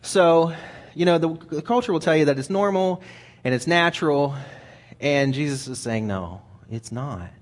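A man's voice: on the high side, moderate pace. A man preaching a sermon in a conversational way, often repeating words as he thinks aloud.

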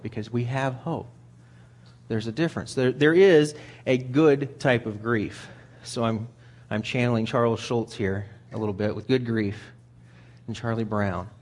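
A man delivering a sermon in an easygoing, conversational way, at a middle pitch. He often repeats and restarts words as he thinks aloud. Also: moderate pace. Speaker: preacher.

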